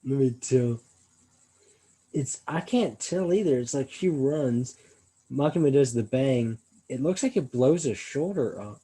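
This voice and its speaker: A man's voice: mid-range voice, lively intonation, a little slow, dark tone, husky, low-quality recording. A man in casual chat, puzzling aloud in a hesitant way.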